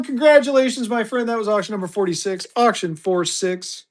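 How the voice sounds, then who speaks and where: A man runs a live online sale in easy, rambling chatter. His voice sits a touch higher than usual for a man. He talks his way through what he is doing and keeps calling out to viewers as y'all. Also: a little fast. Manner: chatty, thinks aloud, calls viewers y'all. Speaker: livestream auction seller.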